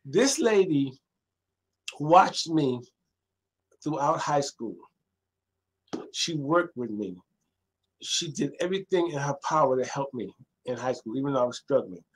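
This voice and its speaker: A middle-aged man, a librarian guest, telling stories in a lively conversational way and acting out the voices of people he quotes. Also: a little slow, long pauses, low-quality recording. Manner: acts out quoted voices, jumping much higher. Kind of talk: animated storytelling in conversation.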